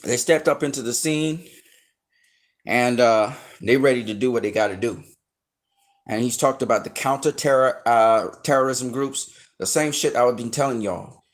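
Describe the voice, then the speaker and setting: At a moderate pace and medium pitch, a male online commentator goes on an unscripted tirade aimed at his viewers. The talk is slangy, emphatic and full of profanity, lecturing and warning them with rising heat.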